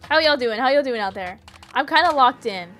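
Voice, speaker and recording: With faint music and slight noise in the background, a woman plays a detective game on stream, her high voice brisk, expressive, and fairly bright. She giggles, talks to viewers, and reads out the game's text in a casual let's-play style.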